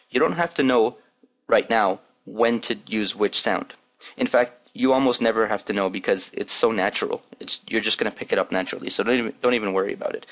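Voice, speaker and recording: A man's voice: lowish voice, fairly bright tone. Male language tutor, patient, repeats sounds for learners. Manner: patient, demonstrates sounds slowly and repeats them. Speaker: Arabic teacher. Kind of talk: recorded language lesson.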